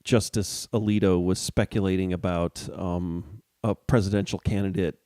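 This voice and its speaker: A middle-aged man co-hosts a casual talk show and speaks haltingly, full of ums and uhs. His low, warm voice is recorded dry and close. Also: steady tone, dry recording. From Chicago area, US. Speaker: podcast co-host. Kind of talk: casual chat.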